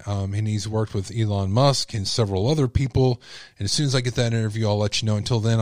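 Low-voiced male host, chatty and emphatic, dry close sound. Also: dry recording. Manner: chatty, emphatic, repeats phrases. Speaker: radio host. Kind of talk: casual monologue to listeners.

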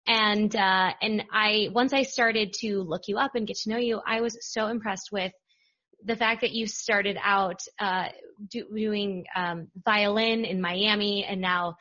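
A woman's voice: medium pitch, steady tone, measured pace, bright, forceful tone. A young woman hosting a podcast, talking in an upbeat, chatty, self-joking way. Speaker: podcast host. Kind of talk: casual podcast chat. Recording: slightly dull lo-fi sound.

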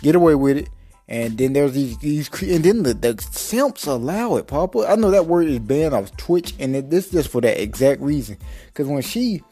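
A man rants on his podcast in loose, slangy talk, repeating himself for emphasis. His voice is dark and a little husky. Faint music sits under him. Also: on the high side, animated, moderate pace. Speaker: podcast host. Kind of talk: casual rant.

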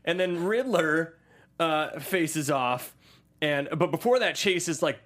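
Male podcast host, casual movie talk, animated and jokey, acts out quotes, a bit high. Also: takes it slowly. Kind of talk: casual chat about a movie.

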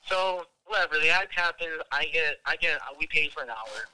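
A man's voice: on the high side, lively intonation, moderate pace, sharp tone, slight background noise, poor audio. A young man from Wisconsin telling a long, profane story in a rambling, casual way, full of filler words. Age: young adult. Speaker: podcast guest telling a story.

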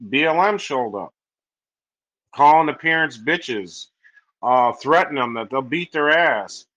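A man hosting an interview, enthusiastic and animated as he responds to his guest. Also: medium pitch, low-quality recording. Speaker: host. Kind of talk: conversational interview.

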